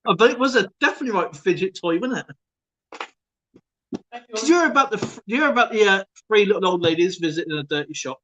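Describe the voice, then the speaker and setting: A man's voice: sits high, lively intonation, fast talker, fairly bright tone, dull audio. A man hosting a stream in casual chat, telling rambling jokes and laughing often. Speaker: stream host.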